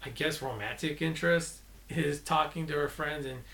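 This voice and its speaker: A man's voice: fairly even intonation, moderate pace, vocal fry, fairly bright tone. A man giving a casual, rambling movie review, exasperated, with restarts and self-corrections. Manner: mocking quotes in a shrill put-on voice. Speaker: movie vlogger.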